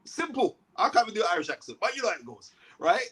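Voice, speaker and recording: A man's voice: high voice, very animated, fast, fairly bright tone, slightly rough. A man, a boxing commentator, talking emphatically as a guest and often checking in with "right?". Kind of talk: animated interview talk.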